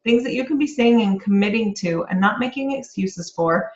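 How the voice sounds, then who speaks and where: A woman's voice: mid-range voice, expressive, normal speed. A middle-aged woman, a real estate agent, giving an upbeat, encouraging motivational talk to the camera. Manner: upbeat and encouraging, breaks into laughter. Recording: roomy, slightly dull lo-fi sound.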